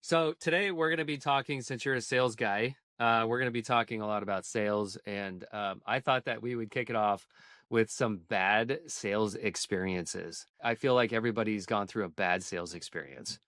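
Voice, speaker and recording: A man's voice: fairly low pitch, moderate pace, a bit bright, dry recording, clean studio sound. A man hosting a podcast in a casual interview chat, easygoing and joking now and then. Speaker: podcast host.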